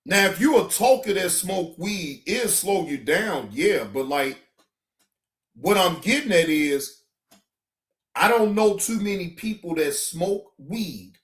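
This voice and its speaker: A man's voice: sits high, lively intonation, slow. A middle-aged man hosting a stream, ranting casually in a drawling, profane, emphatic way. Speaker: streamer host. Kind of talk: casual live-stream rant.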